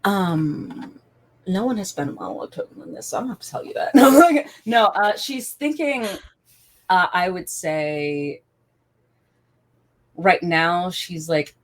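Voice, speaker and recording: A woman's voice: lowish voice, lively intonation, a little slow. A young adult woman narrating her character's actions in a tabletop game, rambling and laughing with lots of fillers. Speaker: player.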